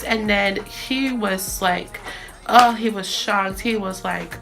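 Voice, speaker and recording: A woman's voice: medium pitch, slow pace, pushed and bright, faint music behind. A young woman from the Boston area telling a story casually, chatty and full of fillers and restarts.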